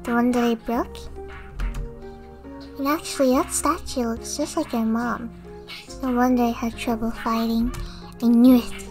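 Female streamer, casual and chatty, talking over her gameplay and thanking viewers; light game music behind. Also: fairly high pitch.

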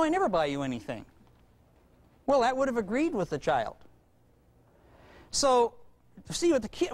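A man's voice: sits high, no room sound. A man giving a parenting lecture, telling folksy stories and acting out the voices. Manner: folksy, animated storyteller who acts out voices. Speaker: parenting seminar speaker. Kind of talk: lecture with anecdotes.

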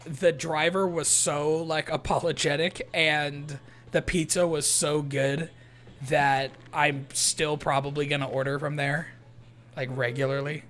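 Brief: young male co-host, rambling and profane, voice sits high. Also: level tone, measured pace, a bit bright. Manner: rambling, profane, laughing between lines. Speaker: co-host of a gaming channel. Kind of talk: casual storytelling during a playthrough.

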